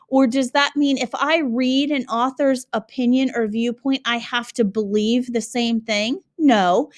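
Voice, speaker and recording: A woman teacher giving a lesson, speaking clearly and patiently and asking her students questions. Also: a little high. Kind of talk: classroom lesson narration.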